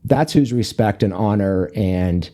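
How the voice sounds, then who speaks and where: A man's voice: on the low side, a little slow, mellow. A man speaking as a guest on an interview podcast about fatherhood, talking casually and rambling with many fillers and restarts. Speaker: fatherhood coach and author, guest.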